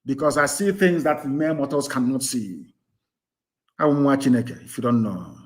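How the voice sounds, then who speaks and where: A man with a Nigerian accent giving a live radio broadcast speech, fiery and mocking, swinging from loud outbursts to low muttered asides. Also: normal speed. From southeastern Nigeria. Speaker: political activist broadcaster.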